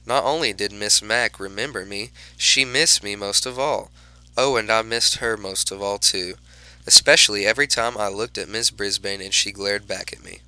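Sharp-toned man narrating a storybook. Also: on the low side, normal speed, clear, resonant tone, no room sound, rough recording. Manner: animated, lively exclamations. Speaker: audiobook narrator. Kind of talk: first-person storybook narration as a class pet hamster.

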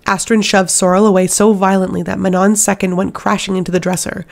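In a mid-range voice with a noticeable gravelly fry, a woman narrates a fantasy audiobook. Her delivery is steady, dramatic, measured and even.

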